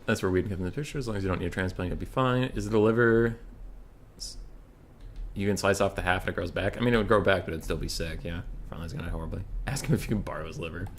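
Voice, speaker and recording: Casual young male caster, lowish voice, rambling and chatty, drops swears. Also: racing, a little hiss or hum. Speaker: game caster. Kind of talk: casual esports commentary.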